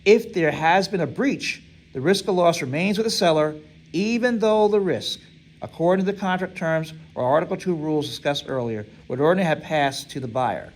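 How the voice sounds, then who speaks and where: High-pitched male instructor, classroom lecture, reads and quizzes students. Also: animated, brisk, rough recording. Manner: quizzing, reads text aloud and asks students to fill in words; repeats "right?" often.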